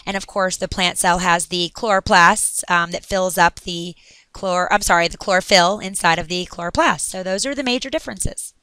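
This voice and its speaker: A woman's voice: on the low side, moderate pace, sharp tone, clean tone, no echo. A woman teacher giving a recorded science lesson in an upbeat, chatty way with little asides.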